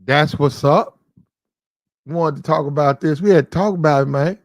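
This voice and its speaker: A man's voice: a little high, normal speed, no room sound, studio quality. A man hosting casual opinion commentary, preachy and repetitive, talking straight to the people he discusses. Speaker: commentary channel host.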